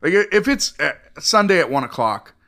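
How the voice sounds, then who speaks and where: A man's voice: on the high side, sing-song, brisk, pushed and bright. A young man, a podcast guest who works as a bar doorman, telling stories in casual chat, swearing and laughing often and acting out other people's voices.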